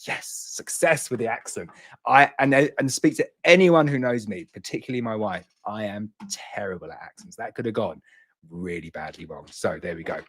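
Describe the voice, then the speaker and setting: A middle-aged man hosting a beekeeping show, reading out viewer questions and answering them in a relaxed, chatty way. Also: lowish voice, moderate pace, husky. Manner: relaxed and chatty, reads comments in a lifted voice. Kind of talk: casual live Q&A, reading out viewer comments.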